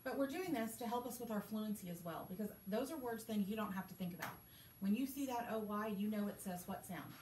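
A woman teacher walks a small group through a reading lesson, encouraging and asking questions. Her voice sits at a middle pitch and comes from a distance. The classroom adds a roomy echo with faint background noise. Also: animated, brisk, darkish tone. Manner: encouraging, patient, asks questions. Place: school classroom. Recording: echoey classroom from far off.

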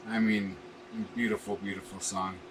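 A man's voice: sits low, flat delivery, moderate pace. A man hosting his own music channel, talking casually and earnestly to his viewers with lots of ums and uhs. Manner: rambling, earnest, many fillers. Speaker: music reaction channel host. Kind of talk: casual talk to camera. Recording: distant mic with faint air-conditioning hum.

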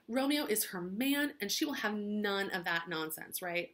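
A woman's voice: medium pitch, expressive, normal speed, fairly bright tone. A woman teacher retelling a play as gossipy valley-girl chatter, full of "like" and dramatic asides.

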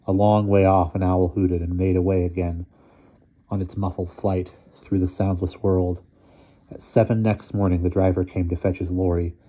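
A deep-voiced man reads a short story aloud, steady and measured. His tone is dark and husky, and the recording sounds dull and lo-fi. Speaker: narrator. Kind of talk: audiobook reading of a short story.

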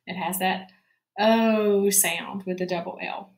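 Woman teacher, slow clear dictation for young kids, mid-pitched voice, roomy echo. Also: fairly even intonation. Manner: slow, clear dictation, repeating each word. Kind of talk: spelling lesson for young children.

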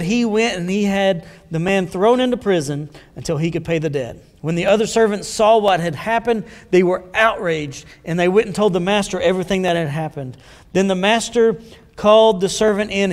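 Pastor, male, high-pitched, preaching conversationally with questions to the room, long church-hall echo. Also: normal speed. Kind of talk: sermon. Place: church sanctuary.

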